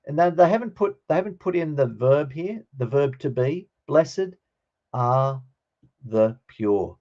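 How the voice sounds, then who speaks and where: A man's voice: a little high, lively intonation, measured pace, darkish tone, dull audio. A man teaching a Greek grammar class, explaining patiently and checking in with his students.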